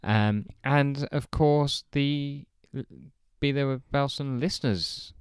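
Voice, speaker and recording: A man's voice: medium pitch, takes it slowly, clean tone, dry recording. A man hosting a podcast, chatting in a rambling, friendly way and correcting himself as he goes. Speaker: podcast host. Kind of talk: casual podcast sign-off.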